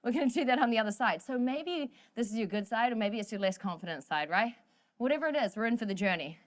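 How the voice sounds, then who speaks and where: A woman's voice: fairly high pitch, lively intonation, fast. A woman leading a workout class, cheering people on, cracking jokes and counting down the final seconds of each set. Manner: upbeat, joking, counts down reps. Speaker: fitness instructor. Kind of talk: energetic workout coaching.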